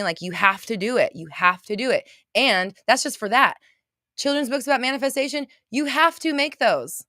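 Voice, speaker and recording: A woman's voice: medium pitch, fairly bright tone, no room sound, clean studio sound. Emphatic woman hosting a motivational livestream. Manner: emphatic, gushing, repeats herself, swears; reads viewer comments aloud. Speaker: livestream host. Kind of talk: casual motivational livestream chat.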